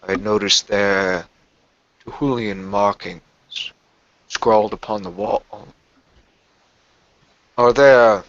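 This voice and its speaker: A man's voice: fairly low pitch, slow, long pauses, a bit bright, dry recording, highs cut off. A man voicing a formal, solemn long-armed creature who serves a master, in a tabletop role-play. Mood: troubled. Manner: formal, archaic speech to his master.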